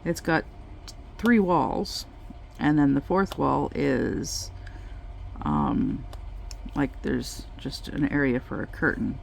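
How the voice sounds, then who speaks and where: A woman vlogger chatting casually while she crafts, telling a story in a slow, halting way with many pauses. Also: rumbling low, animated, gravelly, a little hiss or hum.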